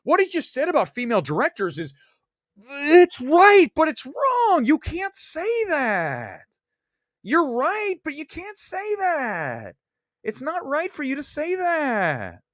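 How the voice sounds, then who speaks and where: A man's voice: huge pitch swings, slow pace, a bit bright, dry recording, clean studio sound, full character voice. A man putting on a whiny online film critic who keeps scolding and contradicting himself. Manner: shrill, pleading, contradicting itself.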